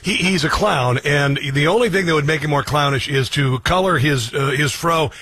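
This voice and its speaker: A man's voice: a little high, moderate pace, pushed and bright, slightly rough, no room sound. A male radio host chatting about politics in a casual, emphatic way, laughing along with his guest.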